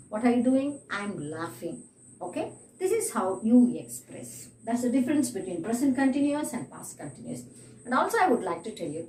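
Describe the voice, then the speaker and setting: A woman's voice: a little high, darkish tone, a little hiss or hum. A woman teaching an online English grammar lesson, repeating example sentences and checking in with her students. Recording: echoey room, mic at a distance.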